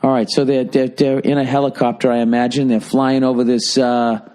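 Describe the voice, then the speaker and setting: A man's voice: medium pitch, level tone, fairly quick. Profane rambling male podcast host. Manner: profane, riffing, thinking out loud. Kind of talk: rambling solo podcast monologue.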